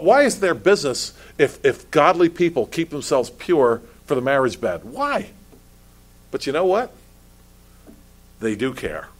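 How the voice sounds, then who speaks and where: Man preaching with pressing questions. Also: mid-range voice. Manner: preaching with rhetorical questions and repeated restarts. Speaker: pastor. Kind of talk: sermon.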